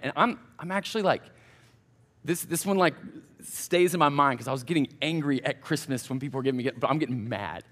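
A man, a college pastor giving a casual storytelling sermon in a church, chatty and animated as he talks straight to the crowd. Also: on the high side, fast talker. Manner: chatty, animated anecdotes addressing the crowd directly.

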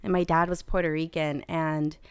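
Smooth-voiced young woman telling stories. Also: sits low, moderate pace, no room sound. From United States. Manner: candid, animated storytelling. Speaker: guest. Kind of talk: casual conversation.

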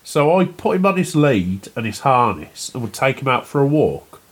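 A British man co-hosting a podcast, telling stories in a casual, animated and sometimes indignant way. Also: mid-range voice, normal speed, husky. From Britain. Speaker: podcast co-host. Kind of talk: casual chat.

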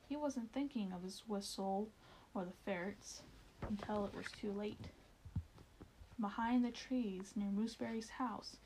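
A woman reads a children's storybook aloud in an expressive way that speaks straight to the listener. Her voice sits a little high and has a gravelly fry. There is a faint hiss and some ambience behind her. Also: poor audio.

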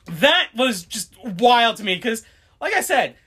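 Woman, podcast co-host, high voice, bright, animated, rambling casual chat, lots of fillers. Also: a little slow, slightly rough. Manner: rambling, full of fillers and laughter.

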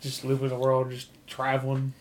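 A man's voice: medium pitch, completely flat delivery, moderate pace, a little hiss or hum. A man co-hosting a podcast in casual chat, joking about scenes and imagining how they could have gone. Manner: jokey, riffs on scenes and imagines alternate versions. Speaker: podcast co-host.

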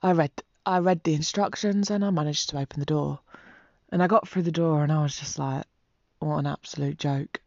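A woman's voice: low voice, fairly even intonation, fairly quick, darkish tone, no echo, dull audio. A woman telling a personal story to her vlog audience in a rambling, heartfelt and emotional way. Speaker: vlogger. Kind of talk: casual storytelling to camera.

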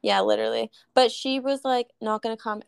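A young woman co-hosting a podcast, chatting casually, swearing freely and ranting in animated retellings. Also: fairly high pitch, brisk, creaky, smooth, no room sound, studio quality. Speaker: podcast co-host. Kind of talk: casual chat.

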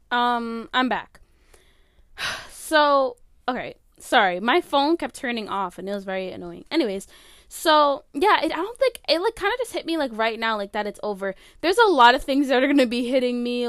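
A woman's voice: on the high side, sing-song, normal speed, fairly bright tone, no echo, studio quality. A woman in her late teens hosting her own podcast from her bedroom, chatting casually in a rambling way full of "like" and "um", often stopping herself mid-sentence. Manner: rambling, filler-heavy, self-interrupting. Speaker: podcast host. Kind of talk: casual solo podcast chat. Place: bedroom at home. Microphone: phone.

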